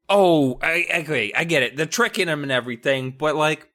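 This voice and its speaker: A man's voice: fairly high pitch, bright, forceful tone. A man co-hosting a casual podcast, recapping a book with sarcasm and swearing. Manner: sarcastic, swears, jumps into quick voices. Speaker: podcast co-host.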